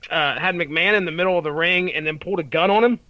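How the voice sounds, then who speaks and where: A man's voice: on the high side, fast talker, highs cut off, background noise. A man in his thirties co-hosting a podcast in casual chat, rambling with restarts and frequent laughter. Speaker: podcast co-host.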